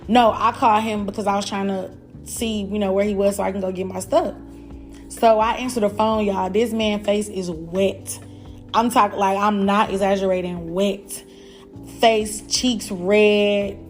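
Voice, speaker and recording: A young woman hosting a podcast, telling a personal story in a blunt, animated, profane way and talking straight to her listeners. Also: medium pitch, unhurried, faint music behind. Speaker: podcast host. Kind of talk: casual storytelling.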